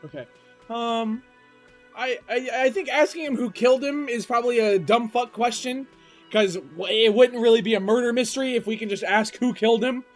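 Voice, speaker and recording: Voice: mid-range voice, moderate pace, soft background music. A young adult streamer giving casual, joking commentary while playing, often stammering and rambling.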